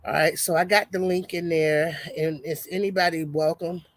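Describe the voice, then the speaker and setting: A woman chatting casually on a homestead livestream, greeting viewers and reading a product label aloud haltingly. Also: lowish voice, steady tone, no echo.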